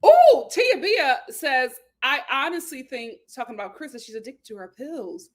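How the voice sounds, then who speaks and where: A woman's voice: high voice, big pitch swings, normal speed. A woman hosting a casual reality TV recap and reading viewer comments, opinionated and talking straight to her audience. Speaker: host.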